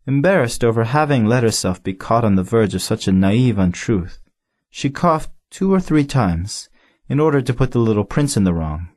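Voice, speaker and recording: Male narrator for an audiobook, measured delivery, mid-pitched voice with a lively, wide-ranging melody. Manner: measured, expressive storytelling.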